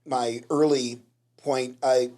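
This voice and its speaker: Easygoing mid-pitched man recounting. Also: little pitch movement, takes it slowly, dark tone. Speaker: guest veteran. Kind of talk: casual storytelling.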